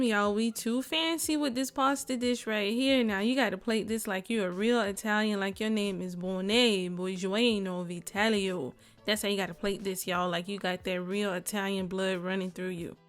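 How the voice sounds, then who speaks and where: A woman's voice: medium pitch, fairly even intonation, moderate pace, few pauses. A woman hosting a cooking channel, narrating each step in a playful, chatty way and talking straight to her viewers.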